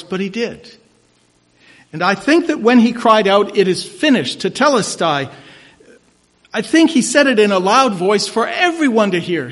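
A man preaching a sermon as pastor, emphatic and rising to loud declarations, in a church sanctuary. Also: sits high. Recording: church hall reverb.

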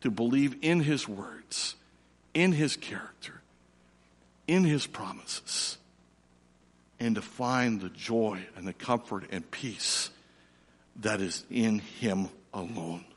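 A middle-aged man, preaching a sermon and telling a lively personal story before turning quiet and slow. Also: on the low side, breathy edge. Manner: animated storyteller, drops to soft and slow for reflection. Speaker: pastor. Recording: long reverb of a large hall.

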